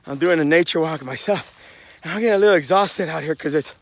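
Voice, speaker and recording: A man's voice: on the high side, fast talker, a little hiss or hum. A man doing a rambling comedy nature-walk vlog, out of breath and sighing between lines. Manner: breathless, rambling, Southern-flavored slang. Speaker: vlogger doing a comedy skit. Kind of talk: casual mock nature vlog.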